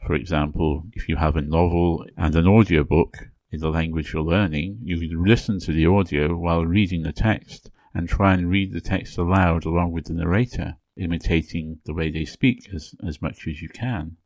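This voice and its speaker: Deep-voiced English man with RP accent. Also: fairly even intonation, a little mellow, no room sound. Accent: English Received Pronunciation. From England. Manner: measured, clearly enunciated explanation. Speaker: podcast host. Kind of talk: scripted educational talk.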